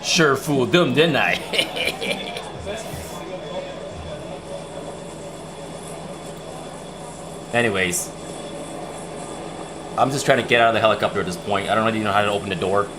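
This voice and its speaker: A man's voice: on the low side, quick pace, pauses often, a crowd in the background. A young man casually telling a rambling story to his livestream viewers, repeating himself as he goes. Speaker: livestream host.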